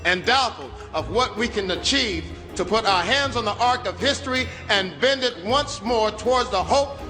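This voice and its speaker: A man doing an impression of a calm male president giving a measured victory speech. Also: sits high. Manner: smooth, calm, measured oratory. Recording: echoey hall, music behind.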